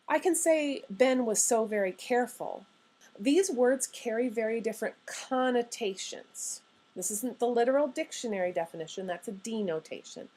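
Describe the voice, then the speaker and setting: A woman teaching a recorded grammar lecture, explaining clearly and adding playful emphasis to her example sentences. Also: medium pitch, a little mellow. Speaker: grammar instructor.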